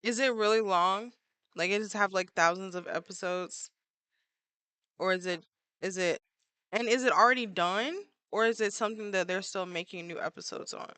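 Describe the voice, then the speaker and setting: While drawing on stream, a woman chats casually with her viewers in a playful way, filling her speech with fillers. She speaks at medium pitch and moderate pace, pushed and bright, with a clean tone and no room sound.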